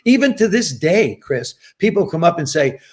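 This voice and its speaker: Older man telling animated stories. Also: on the high side, moderate pace. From New Jersey. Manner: anecdotal, acts out quoted voices with lively emphasis. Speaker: podcast guest. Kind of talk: casual storytelling interview.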